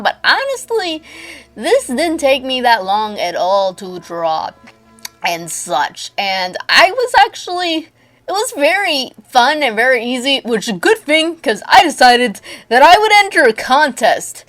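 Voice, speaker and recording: A woman's voice: fairly high pitch, fairly bright tone. A young woman narrating her drawing video in a casual, rambling way, putting on a Southern US twang and often stumbling and correcting herself. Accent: put-on Southern US twang. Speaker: speedpaint artist and channel host.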